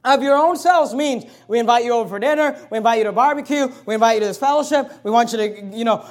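A man preaching as a pastor, forceful and direct, reading scripture loudly and slowly, then rushing through quick asides to the congregation. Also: very high voice. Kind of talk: sermon.

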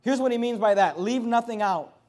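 A male pastor preaching a sermon, moving between loud emphatic lines and softer, lowered asides. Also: fairly quick.

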